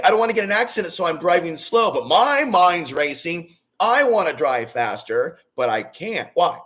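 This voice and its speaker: A man talking straight to his viewers in a loud, booming, rambling monologue that swings between excited bursts and low, hushed stretches. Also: normal speed, hardly any pauses. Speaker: vlogger.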